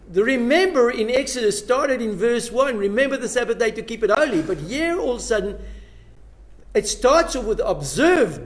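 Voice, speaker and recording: A man leads a Bible study class, speaking in a noticeably high register. He is emphatic and keeps turning questions back to the people sitting in front of him. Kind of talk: Bible lesson to a live class.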